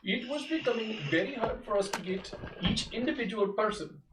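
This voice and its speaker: A man's voice: sits high, expressive, a little fast, reverberant, recorded from a distance, noisy background. A man running a tabletop role-play, speaking formally in character with many stalling fillers. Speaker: game master voicing a character.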